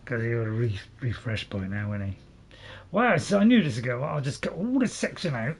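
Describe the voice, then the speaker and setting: A man's voice: medium pitch, sing-song, fairly quick, breathy edge. A man giving casual, rambling commentary while playing a game, chuckling to himself now and then. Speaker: gaming video host.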